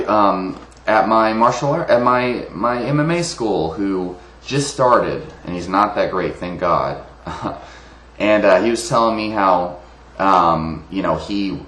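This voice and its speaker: A man's voice: deep voice, fairly bright tone. Heated, profane man ranting on camera. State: wired on coffee. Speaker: vlogger. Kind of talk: casual ranting monologue. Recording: roomy echo.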